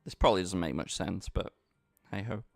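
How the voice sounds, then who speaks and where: This poker streamer has a deep voice with vocal fry and talks a little fast, bantering with his chat as he plays online poker. It's casual live-stream commentary, recorded without echo over faint background music.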